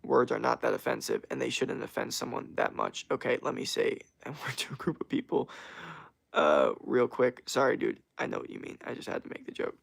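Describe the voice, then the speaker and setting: A man's voice: mid-range voice, fairly quick, vocal fry, fairly bright tone, slightly rough. A young man chatting casually on a livestream, rambling with lots of fillers and slang as he answers chat comments. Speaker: streamer.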